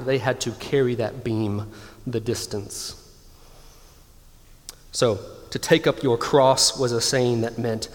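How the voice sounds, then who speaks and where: A man in his thirties preaching a sermon with emphatic delivery, slowing down to stress key lines. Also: mid-range voice, darkish tone. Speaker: pastor. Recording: long hall reverb.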